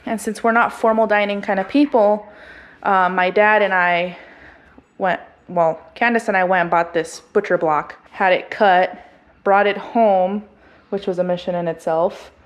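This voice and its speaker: A woman's voice: mid-range voice, fairly even intonation, unhurried, dull audio. A woman family vlogger giving a chatty, casual tour of her house and explaining each room. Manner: chatty, explaining as she walks.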